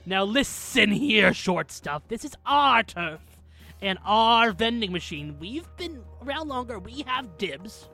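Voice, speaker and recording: A woman voicing a menacing male gummy snake gang leader with slow, drawling threats. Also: a little high, very animated, bright, forceful tone, soft background music, full character voice.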